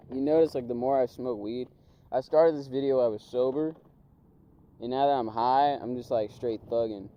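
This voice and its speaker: A man's voice: medium pitch, fairly even intonation, a little slow, pauses often, dark tone, muffled recording. A man from Houston rambles in a profane, slangy way while driving, coughing often. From Houston, Texas. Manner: profane, slangy, meandering rant with frequent coughs. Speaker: vlogger. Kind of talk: casual rambling monologue. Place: inside a car while driving. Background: car engine and road noise.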